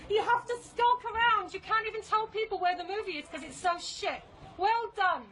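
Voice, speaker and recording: A woman with an Irish accent heckling loudly outside a cinema door, mocking and taunting the people inside. She films on a handheld phone. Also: very high-pitched, animated, unhurried. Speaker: protester. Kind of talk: street heckling.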